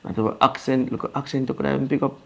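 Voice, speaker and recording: A man's voice: mid-range voice, fairly even intonation, racing, vocal fry, darkish tone. A man with a Jamaican accent playing a man who takes his deported brother in, blunt and frank in a lecturing way. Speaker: actor in a crime drama. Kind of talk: Jamaican Patois film dialogue.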